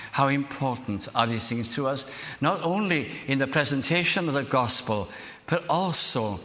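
An older man from South Wales, preaching a sermon as a minister in an earnest, measured way, slowing down to dwell on phrases. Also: medium pitch, pushed and bright. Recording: reverberant hall.

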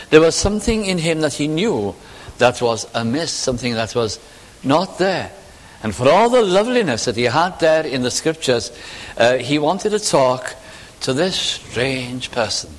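A man's voice: on the high side, very animated, a little slow. A man preaching a sermon, earnest and reflective, building to emphatic questions. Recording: long hall reverb.

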